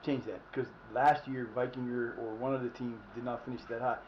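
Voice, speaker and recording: A man chats casually through a live game stream, rambling and restarting his sentences as he thinks aloud. His pitch sits in the ordinary middle range. The audio is a little dull, with a faint hiss underneath. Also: little pitch movement, fairly quick. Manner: rambling, many restarts and fillers. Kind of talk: casual live gameplay commentary.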